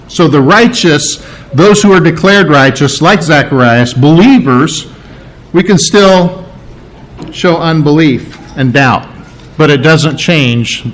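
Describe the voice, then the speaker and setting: A man preaching a sermon, animated, acting out the voices of people he quotes. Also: a little high. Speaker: pastor.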